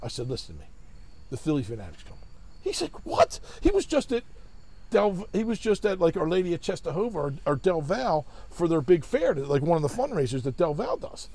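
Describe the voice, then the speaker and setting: A gravelly, slightly husky man spins a rambling, profane story, jumping into other people's voices as he goes. His voice sits high and swings widely in pitch. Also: big pitch swings, fairly quick, a little mellow. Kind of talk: casual storytelling.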